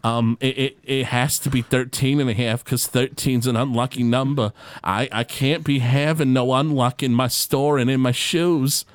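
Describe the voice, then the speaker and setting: A man's voice: medium pitch, fairly even intonation, normal speed, dry recording, lightly acted. A man voicing a nervous, fussy male gnome shoemaker who stammers and frets. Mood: fretful. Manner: stammering, anxious, superstitious.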